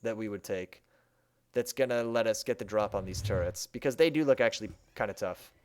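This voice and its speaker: A young male game streamer offers casual let's-play commentary into a desk microphone, chatting, thinking aloud, and mocking his own choices. His voice is lowish and brisk, with slight background noise.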